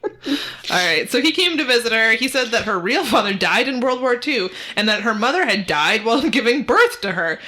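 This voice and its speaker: A woman co-hosting a podcast, retelling a story in a relaxed way with dry humor. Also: on the high side, normal speed, slight background noise. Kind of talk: casual storytelling chat.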